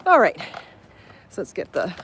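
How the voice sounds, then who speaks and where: A podcast host does a casual live vlog outdoors while walking her bike toward a beach, holding her phone to talk. She speaks at a moderate pace with background noise around her, chatting and apologizing, laughing frequently and out of breath.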